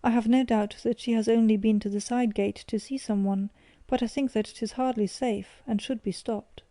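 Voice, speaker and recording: A woman voicing an anxious young woman asking gently about the household at night. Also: fairly high pitch, steady tone, normal speed, no echo, natural voice. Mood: concerned.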